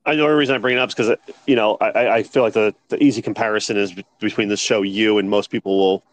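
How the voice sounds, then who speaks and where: A man co-hosting a casual podcast, telling stories in an animated way and sharing strong opinions. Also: on the low side, racing. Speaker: podcast co-host. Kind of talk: casual chat.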